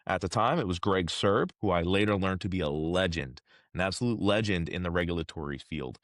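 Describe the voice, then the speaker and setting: A man in his thirties, a combat sports inspector, telling stories in a casual interview with slangy, animated talk and frequent restarts. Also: low-pitched, fairly quick, no echo, clean studio sound.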